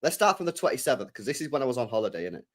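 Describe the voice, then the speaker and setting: A young man hosting a casual football live stream, loose and chatty, full of slang, swinging from loud bursts to mumbles. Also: mid-range voice, very animated, racing. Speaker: football channel host.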